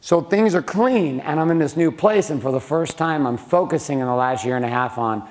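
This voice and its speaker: Briskly and in a slightly high voice, a middle-aged man addresses a roomful of men with a profane, straight-talking motivational business lecture. Questions fly at the audience between the curses.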